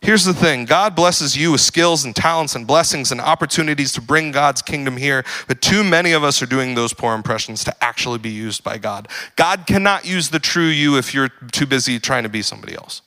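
A young adult man preaching a casual sermon, joking and full of fillers, building to animated emphasis. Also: medium pitch, fairly quick, hardly any pauses. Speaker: pastor.

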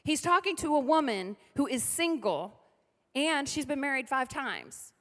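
A middle-aged woman pastor preaching a lively sermon with call-and-response to the congregation. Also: high-pitched, measured pace. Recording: reverberant hall.

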